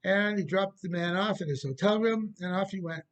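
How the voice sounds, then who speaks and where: A rabbi tells a moral story in a gentle, unhurried sermon. His voice sits high for a man. He pauses now and then with small fillers.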